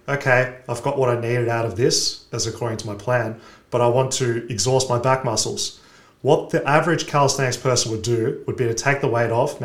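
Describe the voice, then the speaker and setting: A man's voice: medium pitch, reverberant. A man in a casual podcast chat, explaining training in a methodical, instructional way.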